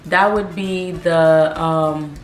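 A woman giving a casual language lesson, chatty, and repeating each phrase slowly. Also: low-pitched, steady tone, roomy sound, faint music behind. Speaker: language tutor.

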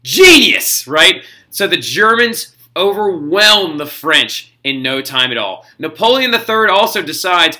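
A man teaching a history lesson to his students in a casual, jokey, energetic way, talking straight to them. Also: high voice, measured pace, few pauses. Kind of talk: casual recorded classroom lecture.

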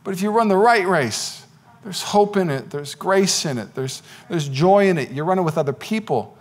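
A man who is a pastor, preaching an energetic sermon that swings from loud exclamations to quiet asides. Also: sits high, moderate pace. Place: church.

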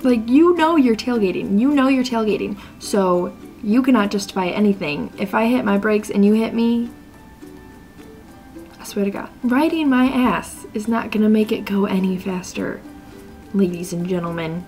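A woman's voice: medium pitch, darkish tone. A young woman vlogging about her pet peeves in a chatty, exasperated way, filling her talk with "like" and mock-quoting people. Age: young adult. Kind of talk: casual ranting vlog.

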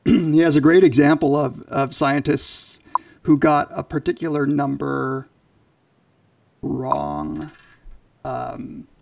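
A male podcast co-host in casual chat, halting with many fillers and restarts, and losing his voice. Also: on the high side, gravelly, dry recording, distant mic. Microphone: video call.

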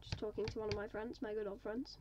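A woman's voice: medium pitch, little pitch movement, quick pace, muffled recording, background noise. A woman giving casual, chatty commentary to viewers while playing a game. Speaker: gaming video maker.

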